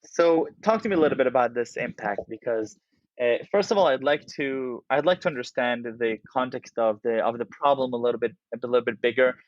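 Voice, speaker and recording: A man hosting an interview, feeling his way through his questions with repeated words and restarts. His audio is dull and slightly muffled, and the sound is dry, with no room echo. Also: mid-range voice. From outside the United States. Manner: halting, restarts phrases while framing questions. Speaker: podcast host.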